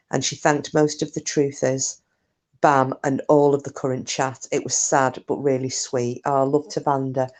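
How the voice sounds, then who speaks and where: A woman's voice: low-pitched, darkish tone. A woman chatting casually on a live stream, rambling through stories, answering comments and swearing mildly.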